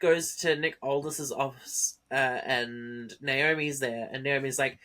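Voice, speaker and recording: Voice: mid-range voice, steady tone, slow, few pauses, fairly bright tone. A podcast co-host in casual chat about wrestling, making dry, brief remarks.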